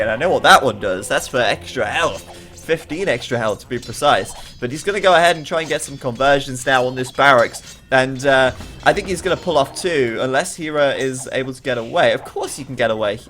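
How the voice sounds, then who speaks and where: A man commentating a strategy video game live, chatty and excitable, with jokey asides between the action. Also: medium pitch.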